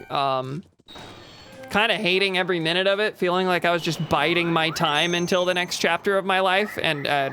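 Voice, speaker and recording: A young woman streaming a game from home, chatting casually and reading messages from chat aloud in a rambling way. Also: on the low side. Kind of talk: casual live-stream chat while gaming. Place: home room with a vocal booth beside her.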